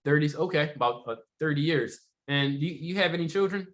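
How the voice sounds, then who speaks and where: A man teaching sales technique in a relaxed, conversational way, often checking in with rhetorical questions and filler words. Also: a little high, fairly quick. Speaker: sales trainer. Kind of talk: casual sales training talk.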